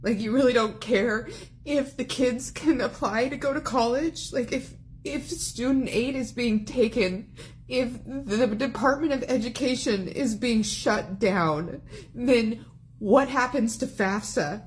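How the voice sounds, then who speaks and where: A woman's voice: fairly high pitch, a little hiss or hum. A woman, a parent, ranting upset into her phone for a social media video. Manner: upset, pleading, rapid questioning.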